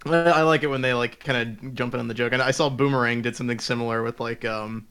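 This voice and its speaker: A man's voice: medium pitch, fairly even intonation, quick pace, fairly bright tone, clean tone. A man co-hosting a casual podcast, who makes easygoing, admiring comments.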